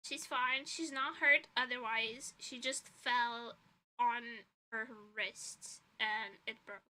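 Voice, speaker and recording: A woman's voice: on the high side, steady tone, slow pace, bright, forceful tone, poor audio. A woman streaming from her room, chatting casually, rambling with giggles and swearing, tired and with a stuffy nose. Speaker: vtuber streamer and illustrator. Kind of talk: casual chat. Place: her own room at home.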